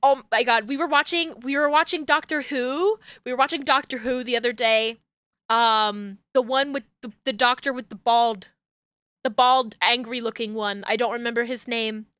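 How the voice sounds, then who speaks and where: A young woman streamer in casual chat, ranting excitedly and laughing, with bursts of shouting. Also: on the high side, normal speed, clear, resonant tone, dry recording, studio quality.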